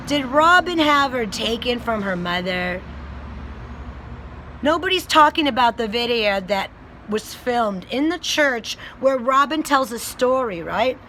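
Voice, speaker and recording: Blunt, profane woman ranting slowly. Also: on the high side, pushed and bright, slight background noise, low-quality recording. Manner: angry. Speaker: self-described child advocate vlogger. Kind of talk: ranting video commentary.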